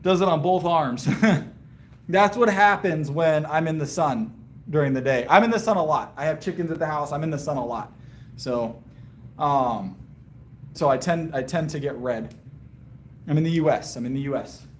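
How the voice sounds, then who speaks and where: A man talks loosely to his viewers. He rambles and answers their questions with easy laughs. His voice sits slightly high, over a faint hum of background noise. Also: moderate pace, reverberant. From Southern US. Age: 30s. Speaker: powerlifting livestreamer. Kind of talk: casual live-stream chat between sets.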